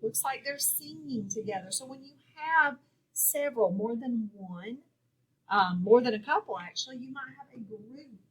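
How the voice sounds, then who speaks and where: A woman teaching a phonics lesson, walking through a worksheet and sounding out each word clearly and patiently. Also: a little high, moderate pace, low-quality recording. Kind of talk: classroom lesson walkthrough.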